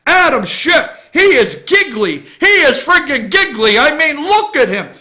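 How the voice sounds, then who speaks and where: Ranting about politics, this man hosts a morning opinion show and lurches from furious, loud shouting to quiet muttered asides. He speaks in a sing-song way at a measured pace, with few pauses.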